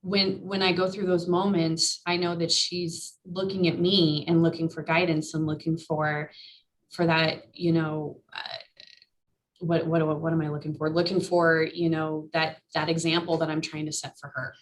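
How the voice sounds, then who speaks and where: A woman on a panel telling a personal story in a candid, halting way. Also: low-pitched, level tone, rough recording.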